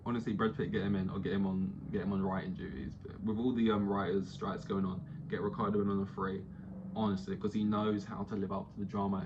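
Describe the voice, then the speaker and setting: Male podcast host, casual animated rant, slightly low voice, dull lo-fi mic. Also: a little hiss or hum. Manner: animated, does mock voices for quotes.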